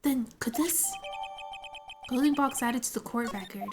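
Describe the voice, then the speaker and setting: A woman's voice: fairly high pitch, a little slow, over music. A woman streaming a game, chatting and giggling with her viewers. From United States. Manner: chatty and giggly, talking to chat. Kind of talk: casual game stream chat.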